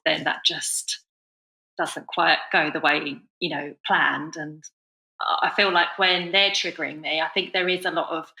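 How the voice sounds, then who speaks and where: Low-voiced woman host with bright tone. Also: roomy sound, rough recording. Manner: reflective, many "you know" fillers. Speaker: podcast host. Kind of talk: casual conversation.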